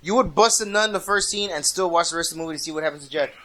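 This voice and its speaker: A man's voice: fairly high pitch, rapid-fire, bright, forceful tone, a little hiss or hum. A man from the Rio Grande Valley, co-hosting a podcast, profane and laughing as he tells stories. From the Rio Grande Valley, Texas. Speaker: podcast co-host. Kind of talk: casual chat.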